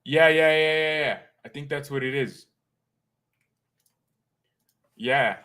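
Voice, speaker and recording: A man hosting a fan live stream, rambling and joking with chat, swinging from calm talk to loud excited outbursts. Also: a little high, slow pace.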